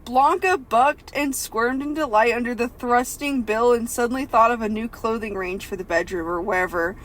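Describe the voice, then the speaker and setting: A woman's voice: on the high side, normal speed. A young woman co-hosting a podcast, reading a novel aloud and breaking off with giggly, joking asides. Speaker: podcast co-host.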